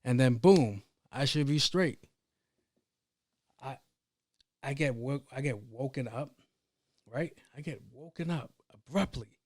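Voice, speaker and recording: A man's voice: mid-range voice, takes it slowly, pauses often, dry recording, studio quality. Profane, rambling man hosting a podcast. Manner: profane, rambling, animated retelling. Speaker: podcast host. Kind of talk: casual solo podcast storytelling.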